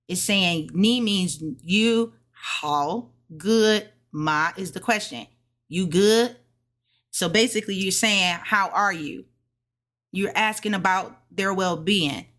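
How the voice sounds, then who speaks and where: A woman casually explaining her study notes, sounding out words slowly and correcting herself. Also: medium pitch, a bit bright. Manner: thinks aloud, self-correcting, sounds out tones slowly. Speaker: language learner sharing study notes. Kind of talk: casual study vlog lesson.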